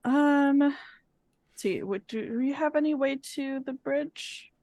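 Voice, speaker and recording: A woman's voice: high-pitched, slow, warm tone, dry recording. A woman playing a tabletop game, talking hesitantly and casually. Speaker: player.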